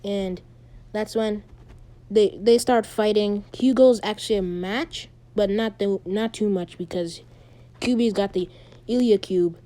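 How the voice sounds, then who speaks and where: Mellow-voiced woman rambling through a story. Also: medium pitch. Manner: rambling, halting, full of ums and restarts. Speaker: fan storyteller. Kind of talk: casual retelling of a fan story.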